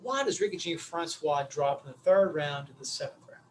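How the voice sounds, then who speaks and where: A man giving a motivational webinar talk, telling stories in an animated way that swings from loud to quiet. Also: a little high, brisk, distant mic, a little hiss or hum, poor audio. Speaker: speaker.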